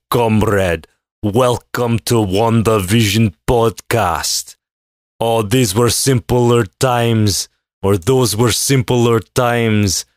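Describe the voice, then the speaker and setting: A man putting on a slow, heavy, exaggerated fake accent to voice a menacing male Russian strongman leader. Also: on the low side, dry recording, clean studio sound.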